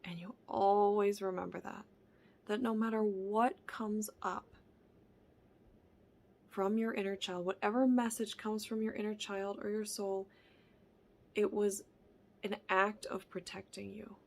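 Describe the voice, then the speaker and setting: A woman vlogger talking in an earnest, reflective personal monologue, often sinking into a soft whisper and circling back over her own phrases. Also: medium pitch, little pitch movement, measured pace, long pauses. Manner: repeats and restarts phrases. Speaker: wellness vlogger.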